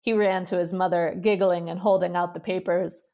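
A woman reading a short story aloud in measured, even narration. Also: lowish voice. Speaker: reader. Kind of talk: literary reading.

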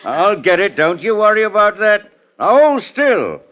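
An actor playing a big, blunt rustic gardener, talking in gruff dialect with a chuckle, in 1940s radio acting on an old broadcast. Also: male voice, medium pitch, very animated, measured pace, a bit bright, dull audio. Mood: menacing. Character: hulking rustic male gardener, blunt and menacing.

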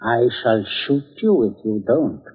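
A menacing middle-aged father, husky, clipped, lively pitch, tinny old radio sound with long echo. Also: measured pace. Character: cold, calculating middle-aged English father with a gun. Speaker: family patriarch. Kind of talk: 1940s radio acting. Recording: tinny, echoey 1940s radio broadcast.

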